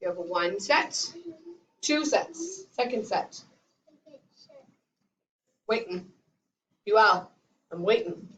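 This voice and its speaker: A woman's voice: mid-range voice, expressive, slow pace, long pauses, fairly bright tone. A woman teaching a classroom math lesson to young children, leading them in sing-song call-and-response. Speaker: kindergarten teacher. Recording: roomy, distant, dull classroom recording.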